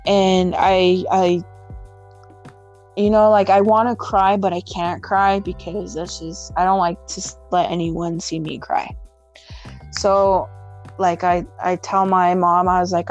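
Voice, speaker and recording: A young woman telling an emotional personal story in conversation, halting and full of fillers and restarts, with faint music behind. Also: lowish voice, steady tone, a little mellow, muffled recording.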